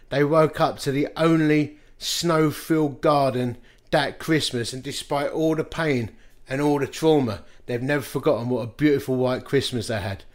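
His voice sits a touch high as this man in his fifties, a pastor, races through a sermon, sharing stories at his own expense and chuckling as he goes.

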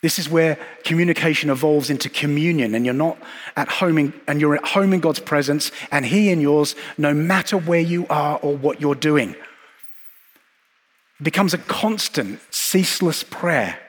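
A man preaching a sermon in an earnest, reflective way, with measured pauses and repeated phrases. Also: fairly high pitch. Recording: long hall reverb.

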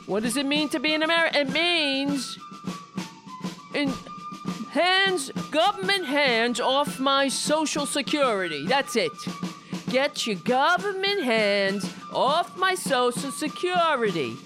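A woman's voice: sits high, big pitch swings, takes it slowly, over music, heavily acted. Woman doing a blustering patriot guy with a New York accent. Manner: shouty, pompous, preachy. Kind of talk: satirical character monologue.

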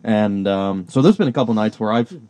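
A man co-hosting a podcast in relaxed casual chat, talking hesitantly with trailing phrases. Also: fairly low pitch, brisk, dry recording. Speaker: podcast co-host.

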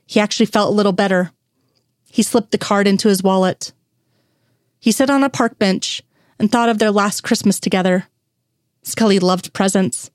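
A woman narrating a story aloud in a steady, even reading voice on a close mic. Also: mid-range voice, no room sound. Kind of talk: audiobook-style story reading.

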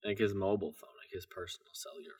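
A man's voice: low voice, little pitch movement, very fast, darkish tone, breathy edge, no echo, clean studio sound. A young man co-hosting a casual podcast, chiming in with short reactions and adding to the story. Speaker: podcast co-host. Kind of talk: casual chat.

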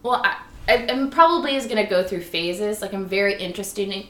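A woman actress and writer chatting casually as an interview guest, animated and laughing often. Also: medium pitch, brisk. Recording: roomy echo with faint room noise.

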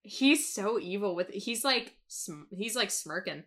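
A woman chats on a casual podcast in a bright, clear voice at a middle pitch. She talks excitably, gushes over what she loves and laughs often. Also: unhurried. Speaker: podcast co-host. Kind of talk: casual chat.

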